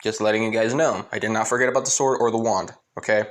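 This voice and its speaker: A man's voice: on the low side, steady tone, fast talker. A man casually improvising a fan fiction story aloud, rambling along with lots of fillers, restarts and repeated stock phrases.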